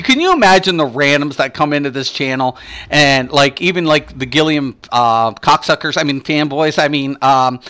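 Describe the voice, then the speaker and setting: A man streaming a game, telling stories in casual chat with lively energy and lots of swearing. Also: fairly high pitch. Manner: profane, animated storytelling.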